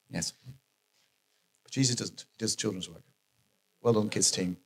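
A man preaching a sermon, animated and emphatic, repeating his key phrases for effect. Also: lowish voice, measured pace, pauses often, husky.

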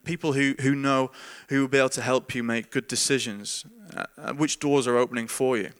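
A man's voice: medium pitch, steady tone, a little fast, clear, resonant tone. A man who is a pastor, giving an earnest, informal sermon with frequent repeated words and chuckles. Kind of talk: conversational sermon.

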